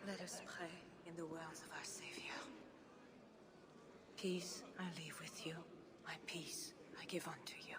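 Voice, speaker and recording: An actress voicing a pious, grave queen in a game, who speaks in a solemn, measured way. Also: deep voice, level tone, in a whisper. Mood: prayerful. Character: pious grave queen sheltering her people.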